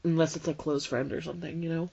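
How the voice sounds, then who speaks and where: A woman's voice: low voice, little pitch movement, fast talker, vocal fry, warm tone, slightly rough. A woman hosting a podcast, chatting casually with swearing and frequent laughter. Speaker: podcast host. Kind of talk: casual chat. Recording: dull lo-fi recording with faint noise.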